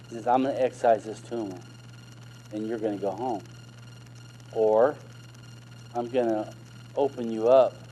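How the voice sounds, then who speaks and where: A man's voice: fairly low pitch, mellow, slight background noise, poor audio. A middle-aged man, a minister, telling his own story as a sermon testimony, retelling conversations with repeated emphatic phrases.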